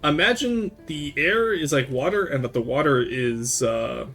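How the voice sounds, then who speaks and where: Faint music plays softly behind this streamer, a young man from Quebec whose somewhat high voice moves at a measured pace. He's animated as he answers viewers in casual chat, slipping into French and cursing and laughing without restraint.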